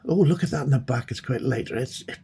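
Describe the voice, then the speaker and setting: A man chatting excitedly and gushing as he unboxes and admires his new knives. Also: mid-range voice, fast, husky. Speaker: knife collector vlogger. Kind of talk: casual unboxing chat.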